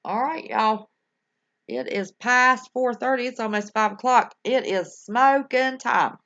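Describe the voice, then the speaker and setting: A woman's voice: on the high side, measured pace, fairly bright tone. An older woman, chatting casually and affectionately with viewers on her livestream. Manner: folksy and affectionate, calling viewers honey and y'all. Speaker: livestream host. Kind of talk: casual chat with live viewers. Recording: dull lo-fi home stream audio.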